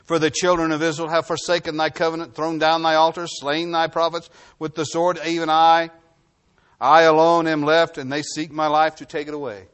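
A man preaching a sermon, reading scripture aloud and then explaining it, swinging between forceful bursts and low hushed phrases. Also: little pitch movement, moderate pace, clear, resonant tone. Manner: reads scripture then preaches with rising and falling intensity; drops to a low hushed voice for emphasis. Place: New Mexico.

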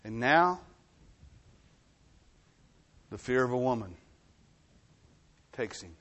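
A man preaching a sermon, reading scripture aloud and then explaining it, swinging between forceful bursts and low hushed phrases. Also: lively intonation, slow pace. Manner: reads scripture then preaches with rising and falling intensity; drops to a low hushed voice for emphasis. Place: New Mexico.

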